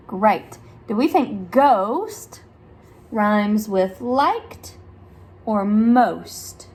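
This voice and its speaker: A woman's voice: lively intonation, darkish tone. A woman speech therapist reading a picture book aloud to young children, asking questions and over-articulating sounds in a sing-song manner. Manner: slow, sing-song, with big exaggerated pitch jumps for praise; overarticulates sounds for young listeners.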